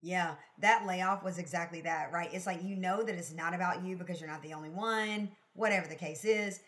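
A woman guest in a casual interview, telling her story in an expressive, emphatic way and laughing often. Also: fairly low pitch, fairly quick. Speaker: podcast guest, sales consultant.

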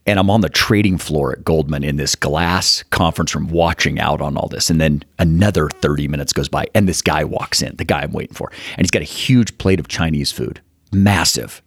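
A man in his fifties from Utah, telling animated stories as a guest in an interview and acting out the people in them. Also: rumbling low, brisk, gravelly, breathy edge, no echo. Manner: animated, acts out quotes in the story. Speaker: guest, fund manager. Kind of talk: storytelling interview.

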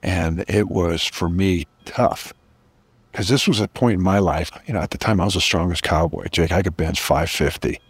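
A man's voice: sits low, normal speed, husky, dry recording. A middle-aged man as a podcast guest, earnestly telling a personal story with reflective emphasis.

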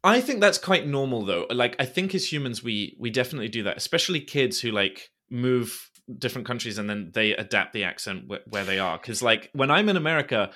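A man hosting a podcast in casual chat, animated and quick to laugh, with hesitant restarts. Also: medium pitch. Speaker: podcast host.

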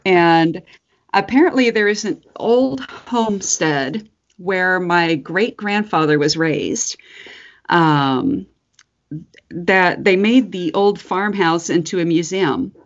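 Husky, hoarse-voiced woman podcast host. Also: lowish voice, takes it slowly. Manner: laughs often, swears freely. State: hoarse, husky from screaming voice work. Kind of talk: casual chat. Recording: dull lo-fi podcast audio.

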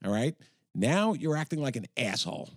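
A man talks bluntly, like the police officer he was, his pitch bouncing up and down in lively swings. He sounds close and dry, with no room around him. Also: normal speed, no echo. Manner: blunt, animated storytelling. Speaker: retired police officer, guest. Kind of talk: casual podcast chat.

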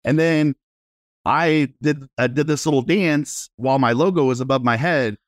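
A man, a realtor guest, telling animated and self-deprecating stories in a casual interview. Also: mid-range voice, normal speed, dry recording, studio quality.

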